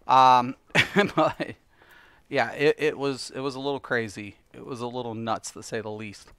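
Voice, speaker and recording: A man's voice: mid-range voice, fairly even intonation, a little slow, fairly bright tone, clean tone, no room sound. A man hosting his own gaming channel, a little tired, ranting casually and with exasperation, swearing as he rambles.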